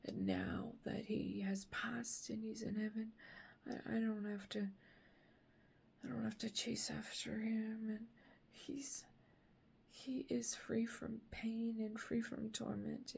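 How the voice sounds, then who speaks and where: A grieving mother sharing a late-night faith reflection at home, speaking softly and often in a whisper, with halting phrases. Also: fairly high pitch, gravelly, a little hiss or hum.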